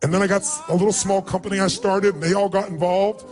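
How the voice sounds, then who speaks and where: A man's voice: sits high, fairly even intonation, fast talker, a little mellow, soft background music. A man telling a personal story as a motivational speaker, emotional and emphatic, acting out quotes.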